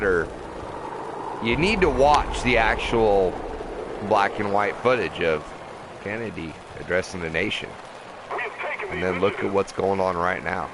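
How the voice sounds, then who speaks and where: A man ranting with profanity and passion while livestreaming a game from inside a camper, talking into a desk mic. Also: low-pitched. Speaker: livestreaming gamer. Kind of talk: ranting live gaming commentary. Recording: noisy home stream audio.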